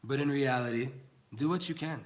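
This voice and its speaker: A man's voice: medium pitch, brisk. A young man giving an informal Torah class, earnest and pleading, mixing in words. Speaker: Torah teacher.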